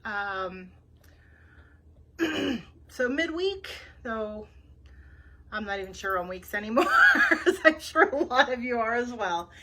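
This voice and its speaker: A woman's voice: a little high, expressive, takes it slowly, long pauses, bright, forceful tone, a little hiss or hum. A woman librarian hosting a children's read-aloud, chatty and laughing easily as she rambles. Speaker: librarian host.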